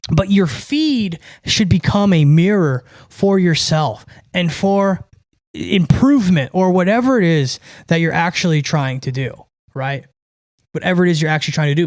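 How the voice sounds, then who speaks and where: Podcast guy rambling on, kinda high voice, swears a lot, dry close mic. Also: dry recording. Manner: rambling, animated, swears, keeps asking "right?". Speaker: podcast host. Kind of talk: casual monologue.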